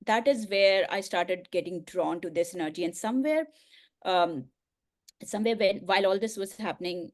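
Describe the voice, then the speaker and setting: A middle-aged woman, a coach and speaker, telling a personal story in an interview, earnest and emotional with soft laughs. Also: on the low side.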